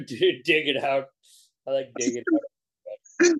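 A man's voice: mid-range voice, slow pace, rough recording. A man co-hosting a casual chat over a video call, blunt and swearing as he rambles. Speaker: podcast co-host.

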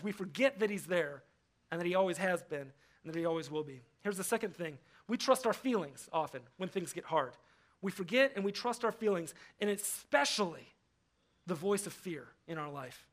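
A young adult man preaching a sermon as pastor in a church, animated, acting out quoted voices and repeating words as he stresses his points. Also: sits high. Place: church hall.

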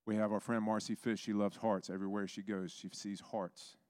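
Low-voiced man preaching a sermon. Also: flat delivery, fairly quick, darkish tone, dry recording, studio quality. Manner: storytelling, acts out quoted voices.

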